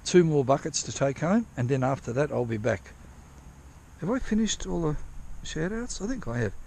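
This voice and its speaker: A man's voice: on the high side, very animated, moderate pace, gravelly, a little mellow, a little hiss or hum. A man vlogging outdoors while prospecting for gold in drizzle, rambling casually with lots of swearing and restarts. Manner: rambling, profane, self-interrupting. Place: outdoors at a dig site in drizzle.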